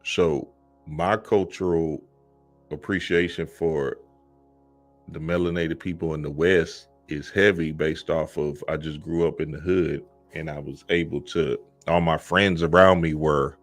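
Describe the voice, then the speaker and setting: Deep-voiced man, emphatic street-talk monologue. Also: steady tone, unhurried, soft background music. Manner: emphatic, repeats "you feel me", acts out quotes in higher voice. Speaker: spiritual content creator. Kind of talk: casual monologue commentary.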